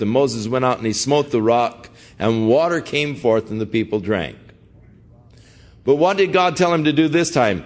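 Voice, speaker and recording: An older pastor with a mid-range voice and moderate pace teaches through a Bible passage. His manner is earnest and conversational, and he puts direct questions to his listeners.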